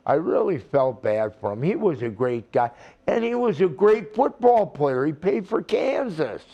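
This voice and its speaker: A retired wrestler, now older, speaks in a mid-range voice over dull-sounding audio. In this casual interview his story wanders and is full of swearing, and he imitates the people he talks about.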